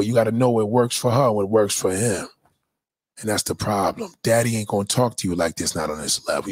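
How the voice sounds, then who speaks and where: A man's voice: on the low side, darkish tone, dry recording. A man in a blunt, crude rant full of swearing, speaking in a preachy tone. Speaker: commentator. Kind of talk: profane rant.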